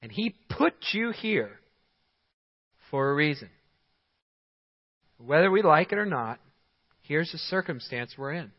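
A man preaching in a big church sanctuary, his fairly high voice ringing with a long echo around the room. He speaks slowly and deliberately, pressing his points with short, punchy commands. The sound is a little dull and muffled. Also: sing-song. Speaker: pastor. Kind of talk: sermon. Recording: dull sound in a large hall with long reverb.

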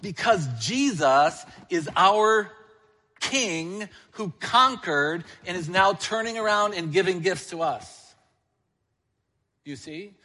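A man's voice: sits high, bright, forceful tone, in a large hall. A male church elder preaching a sermon, asking the congregation questions and answering them himself.

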